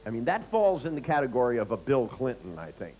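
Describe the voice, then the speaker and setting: A man's voice: mid-range voice, big pitch swings, fast talker, darkish tone, low-quality recording. A man performing a profane, ranting stand-up comedy monologue.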